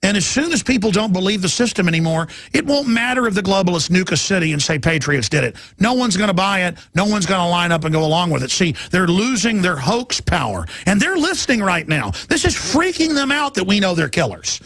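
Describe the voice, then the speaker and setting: A middle-aged man from Texas delivers a heated talk radio rant, his voice pitched high with a gravelly rasp. He hosts the show and mocks his opponents as he goes. The sound is close and dry, with no room around it. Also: very animated, brisk, few pauses, fairly bright tone, no echo. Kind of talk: impassioned talk radio monologue.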